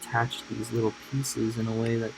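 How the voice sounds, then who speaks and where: A man chatting on a live stream as he works on miniatures, rambling from joke to joke and muttering to himself. His voice sits at an ordinary middle pitch, with faint music playing behind him. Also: monotone, a little fast, vocal fry, low-quality recording. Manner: rambling, jokey, talks to himself while working. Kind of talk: casual live-stream chat.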